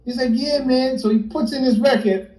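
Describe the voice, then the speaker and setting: A fairly high-voiced man from New York tells a story as an interview guest, animated and lively, acting out each friend's lines in turn. His tone is mellow and warm. The sound is roomy, like a livestream from an echoey room. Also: normal speed. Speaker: interview guest, rapper and producer. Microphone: phone or computer on a livestream.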